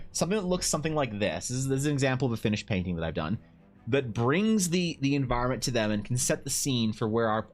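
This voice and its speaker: Young male streamer, mid-pitched, loose rambling chat at his desk mic, faint music playing under him. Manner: rambling, animated storytelling with many restarts. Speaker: Twitch streamer and artist. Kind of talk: casual live-stream chat while painting.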